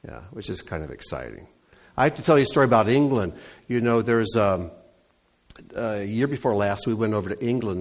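A man leading a congregation meeting, telling stories and fielding questions in a folksy, conversational way. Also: mid-range voice. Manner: folksy storyteller. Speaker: congregation leader. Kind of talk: conversational report and Q&A.

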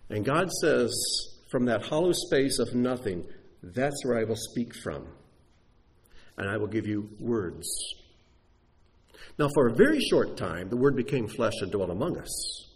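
A male preacher teaching from Scripture with a lively, sweeping voice that rises and falls. He explains Hebrew words carefully and builds his points step by step. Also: mid-range voice, unhurried. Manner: animated teaching delivery, spelling out Hebrew words. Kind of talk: sermon teaching.

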